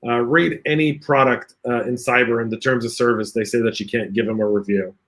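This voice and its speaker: A man's voice: medium pitch, steady tone, fairly quick, fairly bright tone. Chatty man reading live chat comments. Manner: chatty, reads viewer comments aloud, jokey. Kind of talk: casual livestream chat.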